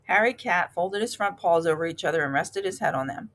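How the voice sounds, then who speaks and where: A woman reads a children's chapter book aloud at an even, unhurried clip. Her voice sits a little low and the narration stays calm and steady. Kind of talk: storybook read-aloud.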